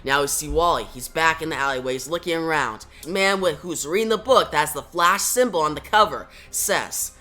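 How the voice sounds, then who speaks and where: A man's voice: on the high side, normal speed, hardly any pauses, pushed and bright, faint music behind. A man recapping a comic book issue in a casual, enthusiastic way, throwing in spoken sound effects.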